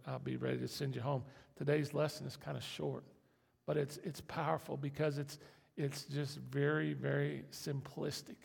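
A man's voice: mid-range voice, vocal fry, husky, long reverb tail. A man preaching a sermon in a church, folksy and conversational, building to emphatic lists. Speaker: pastor.

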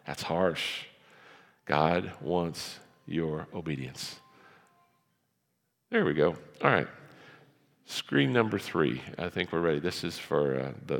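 A man's voice: deep voice, long reverb tail. A man preaching a sermon, talking conversationally and acting out the voices of the people in the story. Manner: animated, acts out Bible voices, conversational. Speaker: pastor. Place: church.

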